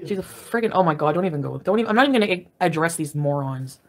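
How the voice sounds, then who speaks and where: Woman, casual livestream rant from bed, combative and profane, talks quickly. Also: fairly low pitch, expressive. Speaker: livestreamer ranting to viewers. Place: at home, lying in bed.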